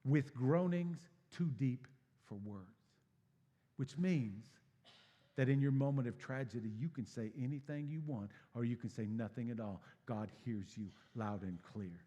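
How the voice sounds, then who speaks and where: A man preaching a sermon as pastor, swinging from hushed, low passages to loud, emphatic bursts. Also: unhurried, highs cut off. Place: church sanctuary. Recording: long hall reverb.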